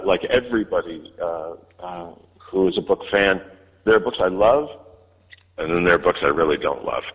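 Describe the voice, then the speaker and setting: Deep-voiced man with many fillers. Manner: hesitant, many fillers and restarts. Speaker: audiobook narrator. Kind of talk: relaxed interview answers. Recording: dull line with long reverb.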